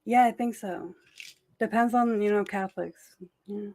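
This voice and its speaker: A woman's voice: mid-range voice, measured pace, warm tone. A middle-aged woman from Massachusetts with a Massachusetts accent, chatting casually on a livestream and laughing often. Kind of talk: casual chat.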